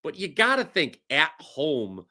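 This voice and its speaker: A man's voice: a little high, wildly swooping pitch, a little slow, bright, forceful tone. A man hosting a sports betting show, talking picks in an upbeat, jokey way. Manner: upbeat, jokey, laughs easily. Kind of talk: casual sports betting talk.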